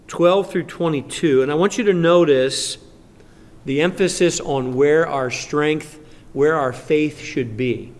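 A man preaching a sermon in a conversational manner, rising to fervent emphasis when he reads Scripture. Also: on the high side. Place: church sanctuary. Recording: long church reverb.

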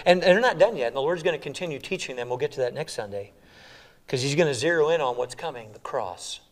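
A man preaching as a pastor, swinging from hushed, gentle lines to loud, emphatic ones. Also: medium pitch. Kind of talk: sermon.

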